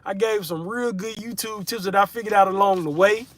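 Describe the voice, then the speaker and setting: Young male streamer with a slightly high voice, relaxed and chatty while reading out comments. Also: fairly quick, no room sound. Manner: laid-back, chatty, reads viewer comments aloud. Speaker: livestream host, content creator. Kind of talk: casual livestream chat reading comments.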